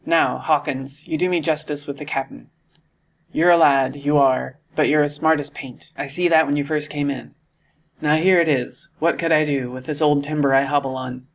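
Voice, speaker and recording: A man's voice: on the high side, fairly even intonation, moderate pace, creaky. A man reading aloud and voicing a jovial one-legged old sea cook who talks in salty sailor slang, in an audiobook. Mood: wheedling.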